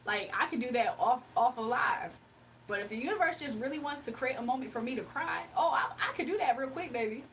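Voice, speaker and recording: Animated, laughing woman livestreaming. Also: on the high side, brisk, slight background noise. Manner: animated, laughs often, emotional. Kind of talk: casual livestream chat with viewers.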